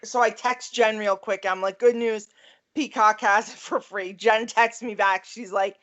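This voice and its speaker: A woman's voice: mid-range voice, unhurried, muffled recording. A middle-aged woman with a thick Queens, Long Island accent, co-hosting a casual podcast with lots of laughing and ranting. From New York. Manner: animated, laughing, rants. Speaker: podcast co-host. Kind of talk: casual chat.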